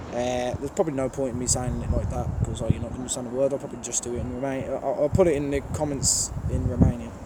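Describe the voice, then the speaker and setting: A man with a strong Birmingham accent answering viewer questions in a casual vlog, blunt and rambling with plenty of fillers, recorded outdoors at a railway station. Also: medium pitch. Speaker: trainspotting channel host. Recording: outdoor background noise.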